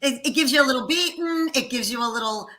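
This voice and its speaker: Woman chef guest, upbeat and enthusiastic; high, bright voice. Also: fast, rough recording. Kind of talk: casual chat.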